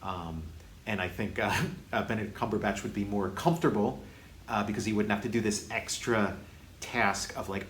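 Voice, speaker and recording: A man hosting a casual movie review, halting often with restarts and fillers. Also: on the low side, fairly even intonation, a bit bright. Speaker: host, film reviewer. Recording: echoey room with faint hiss.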